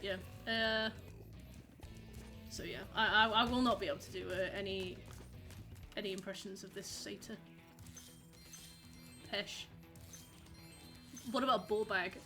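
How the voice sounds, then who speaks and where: Bright-voiced woman streamer. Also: mid-range voice, steady tone, a little slow, pauses often, soft background music. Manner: chatty, rambling, reacting to chat messages. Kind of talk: casual live-stream chat while gaming.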